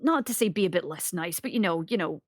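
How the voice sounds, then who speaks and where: A woman speaking in character during a tabletop game, hesitant and sighing, with many pauses. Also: on the low side, animated, no echo, clean studio sound. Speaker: player. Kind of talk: in-character tabletop role-play.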